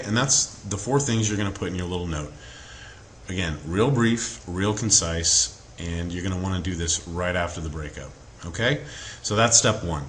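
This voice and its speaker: A man's voice: low voice, fairly bright tone, slight background noise. A man giving relationship advice in an earnest coaching tone, with many fillers and frequent check-ins. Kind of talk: instructional talk to camera.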